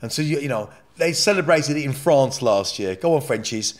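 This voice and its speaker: A man's voice: medium pitch, lively intonation, moderate pace. A man speaking as a podcast guest, telling a personal story in a candid, blunt and emotional way, with frequent swearing and rambling asides.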